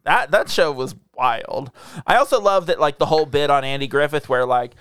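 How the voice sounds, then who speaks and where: Smooth-voiced man asking questions. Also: a little high, moderate pace, a bit bright, no room sound, clean studio sound. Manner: curious, questioning. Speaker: podcast co-host. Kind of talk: casual chat.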